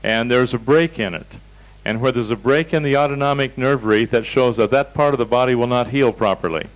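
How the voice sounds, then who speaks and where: A man's voice: mid-range voice, brisk, poor audio. A man teaching a seminar over slides, telling folksy anecdotes in a direct, storytelling way. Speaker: seminar instructor.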